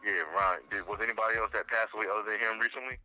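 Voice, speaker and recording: A man with a New Jersey accent co-hosts a podcast, talking fast in a bright, cutting voice. His chat is loose and joking, and he drifts into mocking voices. Faint music plays under him. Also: fairly low pitch, fairly even intonation, poor audio. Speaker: podcast co-host. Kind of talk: casual chat.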